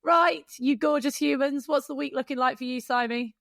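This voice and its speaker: A woman's voice: sits high, normal speed, creaky, fairly bright tone, dry recording, studio quality. A woman co-hosting a podcast, bubbly and teasing in casual chat, swearing freely. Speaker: podcast co-host.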